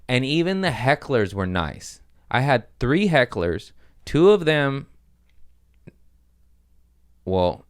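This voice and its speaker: A male comedian hosting a podcast, telling crude, animated stories about touring and hecklers in casual monologue. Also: fairly low pitch, clear, resonant tone, no room sound, clean studio sound. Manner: animated storytelling with crude language.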